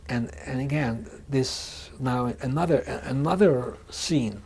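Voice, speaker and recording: Speaking in a measured way, a man in his sixties gives oral history testimony during an interview in a museum interview room. His mid-range voice is husky and a little mellow, and he frequently restarts and repeats words.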